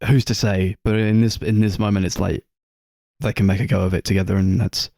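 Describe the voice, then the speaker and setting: Low-voiced man, casual film chat. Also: a little fast, no room sound, studio quality. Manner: animated, swears, acts out scenes. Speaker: podcast co-host.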